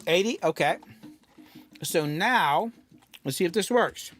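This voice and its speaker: A man's voice: high voice, expressive, takes it slowly, fairly bright tone, slight background noise. Rambling man streaming his studio session. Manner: talks with his mouth full, loose and rambling. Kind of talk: casual livestream chat. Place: home recording studio.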